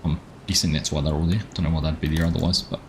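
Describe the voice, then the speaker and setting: Male streamer host, deep voice, easygoing chatter, greets viewers by name. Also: little pitch movement, rapid-fire, slight background noise. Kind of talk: casual live-stream commentary.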